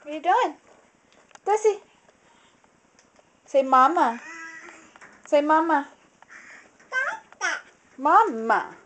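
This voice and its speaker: Mom doing high lively baby talk to her toddler on a home camera, super slow drawn out words. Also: a little hiss or hum. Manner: coaxing, sing-song, repeats short phrases to a toddler. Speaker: mother filming her baby.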